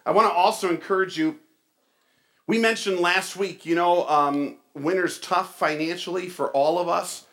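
A man's voice: high voice, steady tone, normal speed, fairly bright tone. A man as pastor, giving a casual sermon with a joke and church announcements, chatty with fillers and restarts.

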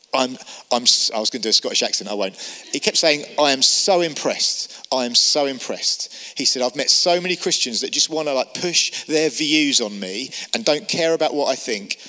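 A middle-aged pastor preaching a sermon, telling stories and quoting people in character. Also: male voice, fairly high pitch. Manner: lively storyteller, quotes people in character. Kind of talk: sermon with storytelling. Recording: long church hall reverb.

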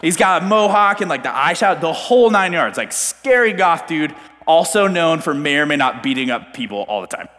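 A young man preaching in a casual, animated storytelling style, self-deprecating and full of fillers. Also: on the high side, normal speed. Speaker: pastor. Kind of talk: storytelling sermon. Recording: long hall reverb.

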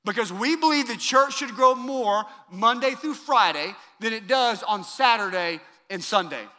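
High, bright preacher in a reverberant hall. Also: male voice, lively intonation, moderate pace. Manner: emphatic, repeats key lines, swings from loud to soft. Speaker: pastor. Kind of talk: sermon.

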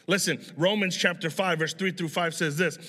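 A young male pastor with a high, bright voice, preaching in a relaxed, storytelling manner. His words ring out with a long hall reverb behind them. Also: normal speed. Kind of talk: sermon.

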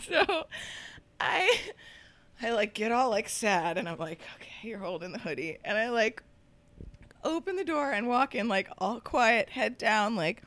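Woman, podcast guest, animated storytelling, lively pitch, dry close mic. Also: slow, long pauses, no room sound. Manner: animated, laughing often, swears casually. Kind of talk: casual storytelling chat.

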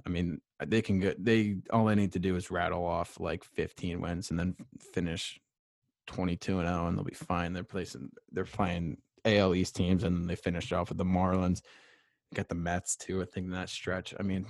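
Low-voiced young man rambling on a podcast. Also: little pitch movement, normal speed, gravelly, a little mellow, no echo. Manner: rambling, filler-heavy, self-deprecating. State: out of breath. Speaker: solo sports podcast host. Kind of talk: casual rambling sports podcast. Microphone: USB microphone.

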